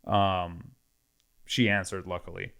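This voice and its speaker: A man's voice: low voice, slow pace, creaky. A man casually retelling a story with lots of quoted back-and-forth. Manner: animated retelling with many quoted exchanges.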